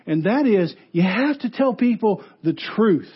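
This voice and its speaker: A pastor preaching a funeral sermon, earnest, rising loud for emphasis and dropping low and soft. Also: male voice, animated, measured pace, breathy edge, highs cut off.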